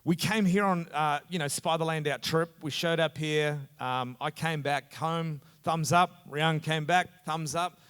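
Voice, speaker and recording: A man's voice: on the high side, steady tone, unhurried, hardly any pauses, a bit bright, smooth. A middle-aged man from New Zealand with a New Zealand accent, a pastor talking earnestly in a casual conversation on stage. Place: church hall. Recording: echoey hall reverb.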